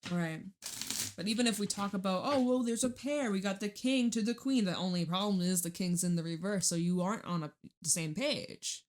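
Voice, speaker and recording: A woman's voice: mid-range voice, a little fast, slight background noise. A young woman giving a casual tarot reading, rambling and laughing, swearing freely as she talks. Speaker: tarot reader.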